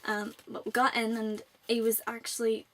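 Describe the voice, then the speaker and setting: A woman's voice: a little high, completely flat delivery, normal speed. A young woman in her late teens with a Northern Irish accent, chatting to camera in a rambling vlog. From Northern Ireland. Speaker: vlogger. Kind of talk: casual chat to camera.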